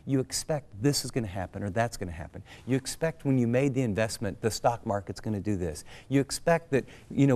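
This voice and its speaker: A middle-aged American man speaks as a pastor, teaching scripture in a conversational way. His delivery is earnest and animated. He drives his points home with direct questions to the listener. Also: medium pitch. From United States.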